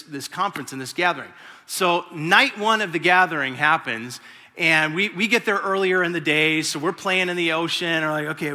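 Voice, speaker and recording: A man in his forties, a pastor, telling a personal story in a sermon and acting out the quotes as he goes. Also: fairly high pitch. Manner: storytelling, animated, acts out quotes. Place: large church hall. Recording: long hall reverb.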